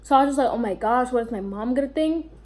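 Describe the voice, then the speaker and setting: Young woman, New York accent, high voice, rambling storytime, lots of fillers. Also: fast, a little mellow. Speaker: vlogger. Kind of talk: storytime vlog.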